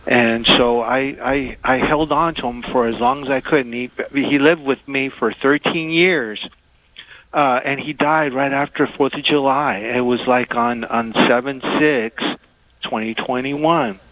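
Man, radio caller, halting, lots of fillers, dry close sound. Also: medium pitch, fairly even intonation, a bit bright, no echo, poor audio. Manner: halting, many fillers, emotional.

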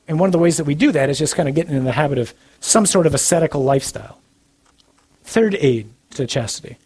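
A man's voice: fairly high pitch, expressive, quick pace, a little mellow, slightly rough. A man giving an earnest, blunt Catholic talk to young adults, with dry humor. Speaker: Catholic speaker.

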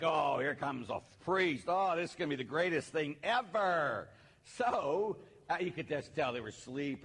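A man, a Catholic priest, giving a sermon in a relaxed, conversational storytelling manner with playful asides. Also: mid-range voice, husky. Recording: long hall reverb.

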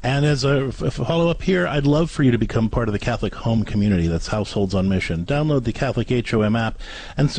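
Husky, lively-voiced male radio host. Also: mid-range voice, no echo. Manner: earnest, coaching, acts out gentle parent scripts. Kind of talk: parenting advice call-in radio.

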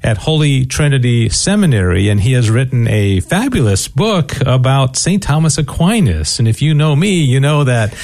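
A man hosts a radio interview, speaking with friendly enthusiasm. He often pauses with fillers and repeats his words as he goes. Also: mid-range voice, very animated, a little mellow. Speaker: radio host and station director.

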